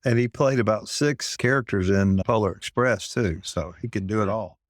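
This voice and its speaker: A man hosting a podcast, asking questions in an easygoing, relaxed way. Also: fairly low pitch, moderate pace, no echo, studio quality. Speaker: podcast host. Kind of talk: casual interview.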